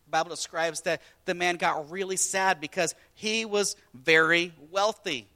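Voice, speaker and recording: A male pastor preaching with animated storytelling, swinging from loud bursts to hushed asides. His voice sits fairly high and sounds bright and forceful. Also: normal speed. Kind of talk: sermon.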